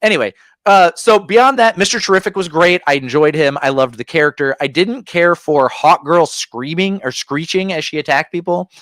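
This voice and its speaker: A man on a podcast, talking through a film review in loose, opinionated bursts. His voice is smooth and resonant, recorded dry and close. He keeps stacking gripes with plenty of "uh"s. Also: a little high, animated, normal speed, fairly bright tone, dry recording. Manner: opinionated, ranting with frequent fillers. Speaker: podcast co-host. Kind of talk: casual movie review chat.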